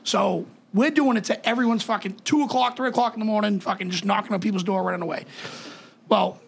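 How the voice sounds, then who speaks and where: A young man, a podcast co-host telling a profane, animated story in casual chat. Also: high-pitched, quick pace, gravelly, breathy edge. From Boston area. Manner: animated, profane, acts out voices in stories.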